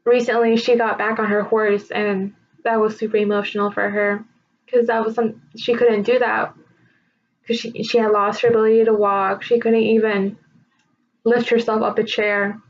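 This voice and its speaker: A young woman giving a recorded tribute speech about her sister, emotional and halting as she holds back tears. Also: a little high, flat delivery. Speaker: speaker honoring her sister. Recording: slightly dull lo-fi recording.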